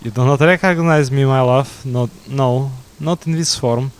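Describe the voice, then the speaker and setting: A man reading out a proud, lovesick beast shapeshifter in a flat voice with stumbles. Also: medium pitch, unhurried, clear, resonant tone, lightly acted.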